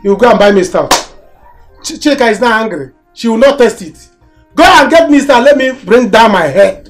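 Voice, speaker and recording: A man's voice: very high voice, animated, moderate pace. Male actor as a bragging, bossy Nigerian elder brother; light music under. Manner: boastful, bossy. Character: boastful, money-proud brother. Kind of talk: Nollywood film acting.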